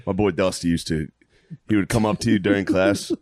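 A man's voice: deep voice, a little fast, dry recording, clean studio sound. A young man chatting casually on a comedy podcast, acting out quotes in his stories and laughing often. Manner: animated storytelling, acts out quotes, laughs often.

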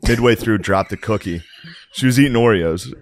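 Low-voiced man telling wild stories. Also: a little fast. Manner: profane, animated storytelling with acted quotes. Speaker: comedian and podcast host. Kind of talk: casual comedic storytelling.

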